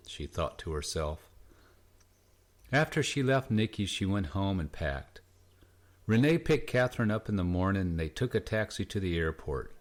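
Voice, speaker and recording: Deep-voiced man reading a novel. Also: animated, normal speed. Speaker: audiobook narrator. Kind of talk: scripted narration.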